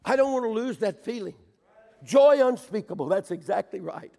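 An older man preaching a sermon in a church, fervent, swinging between shouted pleas and hushed storytelling. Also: high voice, expressive, moderate pace, vocal fry, long reverb tail.

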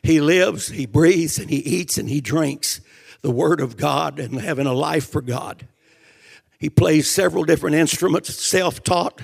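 An older male preacher delivers a fervent sermon in a high, gravelly voice. He swings between shouted declarations and hushed, emotional storytelling. He sounds moved as he speaks. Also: a little slow.

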